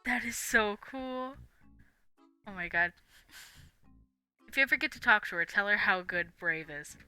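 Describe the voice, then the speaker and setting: Giggly woman with a very bright voice. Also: medium pitch, lively intonation, measured pace, clean tone, dry recording, faint music behind. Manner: giggly, rambling, with frequent laughs and fillers. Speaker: livestream host. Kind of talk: casual live-stream chat.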